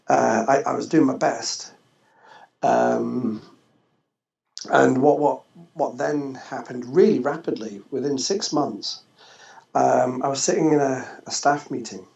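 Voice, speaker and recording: A man, a former social worker, telling a personal story in an interview, halting and restarting often. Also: mid-range voice, creaky, darkish tone. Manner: halting, with frequent restarts and fillers. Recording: echoey, slightly dull podcast audio.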